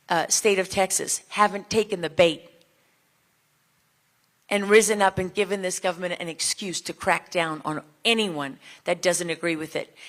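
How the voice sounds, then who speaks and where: A woman's voice: lowish voice, fairly bright tone. A woman giving an impassioned speech at a summit, firing rhetorical questions at the crowd. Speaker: speaker at a border summit.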